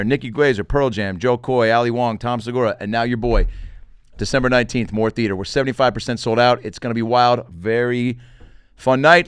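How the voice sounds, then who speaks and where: Animated, joking man hosting a podcast. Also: mid-range voice, clean tone, no room sound, clean studio sound. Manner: animated, joking, swearing, does quick voices for quotes. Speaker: podcast host and comedian. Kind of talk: casual solo podcast monologue.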